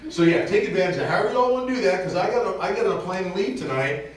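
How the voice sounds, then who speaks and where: A man giving a lively parish mission talk on preparedness, joking and acting out little scenes for the audience. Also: high voice, very fast. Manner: animated, jokey, acts out little scenes. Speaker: visiting speaker on preparedness. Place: church hall. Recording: echoey church, recorded from far off.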